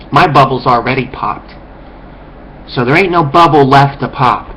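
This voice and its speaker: A man's voice: medium pitch, slow, a bit bright, a little hiss or hum, low-quality recording. A man delivering a profane, contemptuous ranting monologue as a vlogger, lecturing his viewers.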